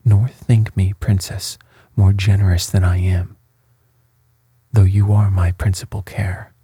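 A man voicing a calm, bold young peasant in a storybook reading, hushed and breathy, slow and even. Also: low voice, no room sound, exaggerated voice.

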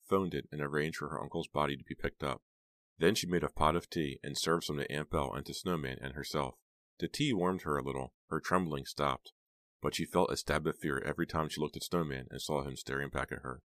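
Audiobook narrator, man, extremely low bass voice, dry close recording. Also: steady tone, a little fast, a bit bright, no room sound. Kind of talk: scripted horror audiobook narration.

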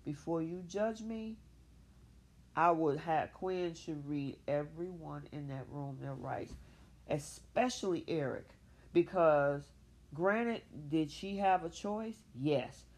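Hosting a soap opera recap show on her own, a woman with a low-pitched voice talks at a slow pace. She's casual, animated and opinionated, voicing the characters herself.

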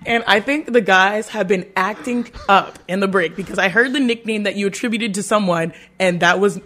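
A woman co-hosting a sports radio show, chatty and lively, often laughing. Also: medium pitch, normal speed, slight background noise. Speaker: co-host.

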